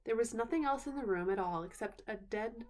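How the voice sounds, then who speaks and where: Woman, bedtime story reading, unhurried, explains words, storyteller. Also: fairly high pitch, a little mellow. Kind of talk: bedtime story read aloud.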